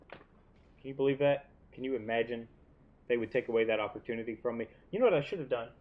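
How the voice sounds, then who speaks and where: A man's voice: mid-range voice, big pitch swings, quick pace, phone-quality sound, faint music behind. A young man hosting a casual gaming playthrough from his living room, rambling and self-deprecating as he talks. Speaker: let's play host. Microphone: desk mic off to one side, often facing away.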